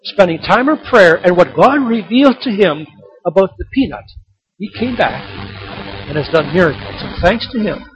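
A man's voice: high voice, lively intonation, normal speed, highs cut off, soft background music. A man in his sixties preaching a sermon, firing rhetorical questions and building to emphatic peaks. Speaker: pastor.

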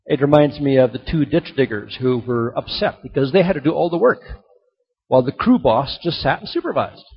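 A man preaching a sermon, telling stories and swinging between loud emphasis and soft, quiet drops. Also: mid-range voice, animated, brisk, slightly rough. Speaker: pastor. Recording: dull lo-fi recording.

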